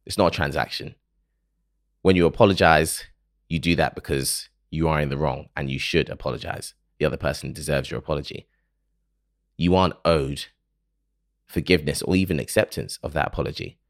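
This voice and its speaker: A man's voice: extremely low pitch, fairly quick, no echo, clean studio sound. A man hosting a podcast, speaking alone in an earnest, reflective and openly emotional way. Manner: earnest, emotional, self-questioning. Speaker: podcast host. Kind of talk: reflective solo monologue.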